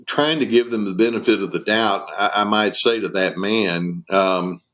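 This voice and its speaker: An older man, a psychologist guest on a podcast, explaining calmly and acting out sample lines of dialogue. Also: on the low side. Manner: measured, explains with acted-out example dialogue. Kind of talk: conversational podcast interview.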